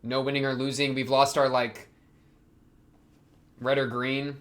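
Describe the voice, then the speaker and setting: A man hosting an anime reaction video, talking back to the screen and swinging from quiet muttering to excited outbursts. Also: medium pitch, unhurried. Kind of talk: casual anime reaction commentary.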